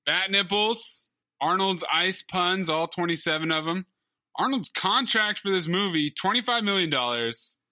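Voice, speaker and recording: A man co-hosting a movie podcast in animated, laughing casual chat. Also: unhurried, no echo. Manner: animated, laughing, listing highlights. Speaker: podcast co-host.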